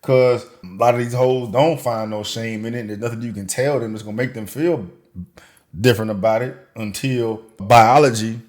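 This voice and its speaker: A man's voice: mid-range voice, fairly even intonation, normal speed, a little mellow. Man ranting crudely in a reaction commentary. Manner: crude, slangy, mocking rant. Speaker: commentary channel host.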